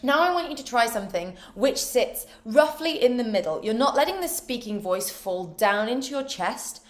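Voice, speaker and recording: High, lively woman coaching a choir. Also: moderate pace. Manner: playful, self-mocking asides. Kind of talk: online vocal warm-up instruction.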